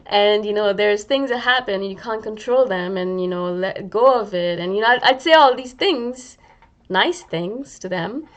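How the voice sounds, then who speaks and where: A woman's voice: mid-range voice, dull audio. A woman vlogger talking casually and reflectively to her viewers, often saying "you know" and acting out her own inner voice. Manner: conversational, many "you know" fillers, acts out inner dialogue. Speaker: spiritual vlogger.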